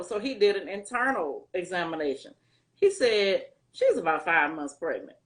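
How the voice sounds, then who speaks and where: A woman's voice: lowish voice, big pitch swings, unhurried. A middle-aged woman, an interview guest, telling her life story candidly in loose conversational speech with many fillers.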